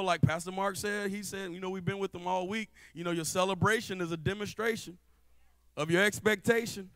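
A young man preaching a lively sermon in church. He jokes and calls out to the congregation in a casual, playful way. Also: sits high, dry recording. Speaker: guest preacher. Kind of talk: lively church sermon with spoken-word rap. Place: church sanctuary before a live congregation.

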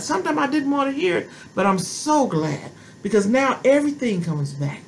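A woman's voice: sits high, sing-song, normal speed, a little hiss or hum, rough recording. Woman preaching in emphatic repeats. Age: middle-aged or older, a grandmother. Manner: repetitive, emphatic preaching with exclamations. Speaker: prophetess. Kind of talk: sermon.

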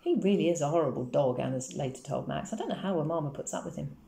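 A woman's voice: low-pitched, expressive, fast talker, gravelly, warm tone. A woman reading aloud and voicing an earnest, inquisitive young girl. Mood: disapproving. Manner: inquisitive, asks eager questions.

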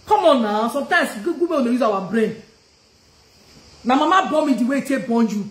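In a heated live-stream rant, a Nigerian-accented woman confronts her audience, asking the same questions again and changing languages partway through sentences. Her fairly high voice has lively intonation and a moderate pace, and the audio is reverberant.

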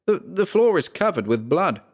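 A man voicing a hearty, jovial young male friend in a horror audiobook, bluff and brisk in manner. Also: sits high, big pitch swings, slightly rough, voice pushed up, heavily acted. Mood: alarmed.

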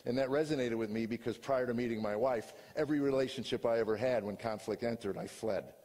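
An older man, a comedian, telling a confessional story from a stage to a live audience, earnest and sometimes rising to loud exasperation. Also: mid-range voice, fast. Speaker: comedian giving a personal testimony. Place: stage before a live audience in a large hall. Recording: long hall reverb.

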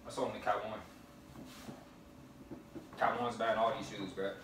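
A man's voice: on the low side, level tone, moderate pace. A young man pulling a prank on his brother, teasing and taunting him in casual banter. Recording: roomy, far from mic, faint noise.

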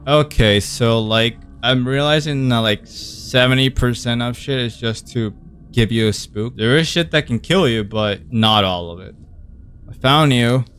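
A man's voice: medium pitch, a little slow, fairly bright tone, slight background noise. A young man giving jumpy, cursing commentary while playing a horror game, rambling and poking fun at himself. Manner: jumpy, swears a lot, easily startled; rambling, self-mocking venting. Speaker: gaming video creator.

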